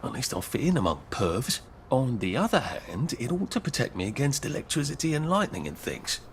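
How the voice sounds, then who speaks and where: A wry game hero. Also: male voice, medium pitch, big pitch swings, brisk, slight background noise. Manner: dry, muttering asides to himself. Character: wry adult male game hero, self-mocking. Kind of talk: video game voice acting.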